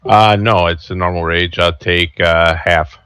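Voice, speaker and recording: A man's voice: low-pitched, steady tone, unhurried, fairly bright tone, clear, resonant tone. A man playing a tabletop game, talking in a laid-back way. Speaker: player. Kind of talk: casual tabletop play.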